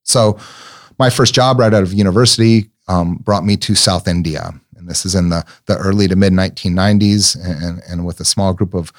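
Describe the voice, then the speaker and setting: A middle-aged man giving an earnest, reflective sermon-like talk, telling personal stories gently and often repeating words as he searches for them. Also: deep voice, fairly even intonation, moderate pace.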